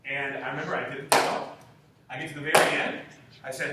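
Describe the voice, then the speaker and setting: A young man, a sales trainer, giving an enthusiastic, high-energy motivational talk to a room of sales reps. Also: fast. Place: meeting room. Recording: echoey room from far off, faint noise.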